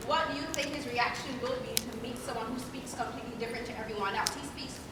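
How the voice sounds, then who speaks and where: A woman in the audience asking a panel questions, a little hesitant and pausing with fillers. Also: fairly high pitch, fairly even intonation. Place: large convention hall. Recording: echoey hall, far from the mic, loud noise.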